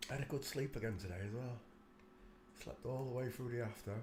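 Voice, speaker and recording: A man's voice: medium pitch, fast talker, darkish tone, slight background noise. An older man with a chesty cough, hosting a live stream from a room at home. He chats and preaches in a rambling, apologetic way and breaks off to cough.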